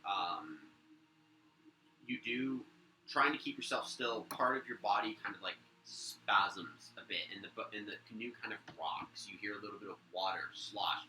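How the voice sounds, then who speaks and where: GM, man, low-ish, bright and forceful, casual narration in a roomy space. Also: normal speed. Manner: loose, filler-heavy narration. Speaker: game master. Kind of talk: narrating a tabletop game. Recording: roomy echo, faint noise.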